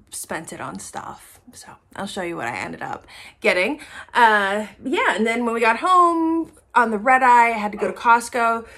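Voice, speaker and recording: Woman, chatty haul vlogger; slightly high voice, gushing and casual, swears freely. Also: a bit bright. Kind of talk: casual chat to camera.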